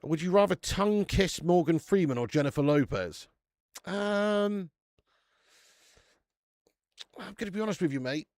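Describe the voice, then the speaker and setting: A man with a British English accent hosts a live beer review stream from a warm room at home. He chats casually, banters with viewers and swears freely. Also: sits high, lively intonation, moderate pace, dry recording, studio quality.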